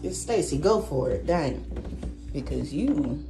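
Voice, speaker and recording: Here the vlogger speaks slowly in a low voice with big pitch swings, playfully teasing and chanting while she records a casual family video at home. It's captured on a handheld phone, with plenty of background noise.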